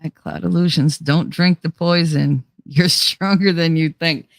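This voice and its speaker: A middle-aged woman with a low-pitched voice hosts a loose livestream, chatting straight to her viewers and reading out their comments. She laughs often and swears without a second thought. Her voice is close and dry, with no room sound around it. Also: steady tone, unhurried, creaky, no echo. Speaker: livestream host.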